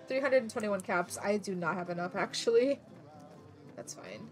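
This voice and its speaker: A woman streaming a video game, chatting excitably, laughing often and swearing casually. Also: medium pitch, a little slow, soft background music. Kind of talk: casual gameplay commentary.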